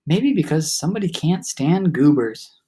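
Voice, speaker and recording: A man's voice: fairly high pitch, animated, moderate pace, mellow, husky. A man reading aloud, voicing a thickset bully boy who talks in a mocking, challenging way. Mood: taunting.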